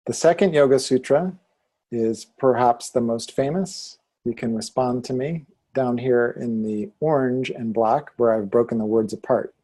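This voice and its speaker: A man teaching yoga philosophy and Sanskrit pronunciation in a calm, deliberate way, leading students to repeat after him. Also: medium pitch. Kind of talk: slow, calm teaching with call-and-repeat chanting.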